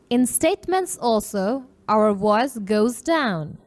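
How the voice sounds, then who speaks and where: A woman teacher reading a children's English lesson aloud, slowly and carefully, modelling phrases for pupils to repeat. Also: on the high side, lively intonation. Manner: slow, careful, clearly articulated drill reading.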